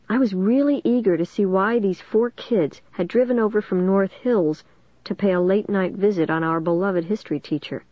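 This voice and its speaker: A young adult woman giving a steady, suspenseful first-person audiobook narration on a close mic. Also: medium pitch, slightly rough, dry recording. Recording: dull dry lo-fi recording.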